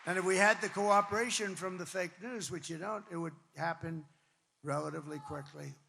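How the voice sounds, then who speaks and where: A man giving a campaign rally speech to supporters, emphatic and repetitive, wandering into asides and breaking into shouts. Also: sits high, steady tone, a little fast, gravelly, slight background noise. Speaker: political candidate addressing supporters. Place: large rally venue with crowd. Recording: long reverb from a rally venue.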